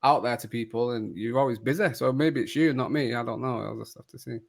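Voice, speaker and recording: A man's voice: mid-range voice, creaky. Chatty podcast host man. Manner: chatty, jokey, quick to laugh. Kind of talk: casual chat.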